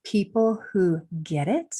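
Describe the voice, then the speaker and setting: A woman hosting a podcast interview, summing up her guest's points in a measured, reflective way. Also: mid-range voice, sing-song, mellow, husky. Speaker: podcast host.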